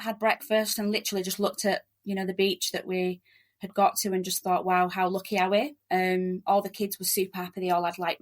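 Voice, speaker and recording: A middle-aged woman from Leeds with a strong Yorkshire accent, chatting quickly and cheerfully as a podcast guest. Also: medium pitch. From Leeds, West Yorkshire, England. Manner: quick-talking, chatty, laughs often. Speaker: podcast guest, relocation agent. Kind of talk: casual interview chat.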